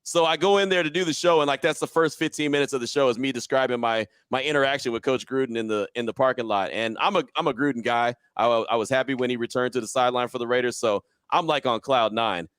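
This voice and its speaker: Fast-talking man telling a story. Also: medium pitch, clean tone, dry recording. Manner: animated storyteller, acts out his own quotes. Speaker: podcast guest, sports radio host. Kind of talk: casual storytelling interview.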